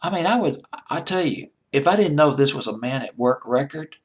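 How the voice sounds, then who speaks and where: Southern-accented countdown host, husky voice, chatty and rambling. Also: male voice, on the high side, lively intonation, a little fast. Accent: American Southern. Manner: rambling, chatty, self-mocking. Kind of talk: casual music commentary.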